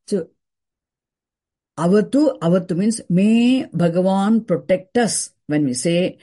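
A woman teaching a scripture class, explaining terms deliberately and repeating key words for emphasis. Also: medium pitch, dark tone.

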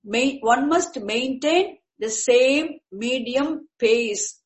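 A woman teacher lectures on chanting in a slightly high voice. She speaks slowly and patiently, circling back to repeat and rephrase each term. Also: rough recording. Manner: patient, repeats and restarts while explaining terms.

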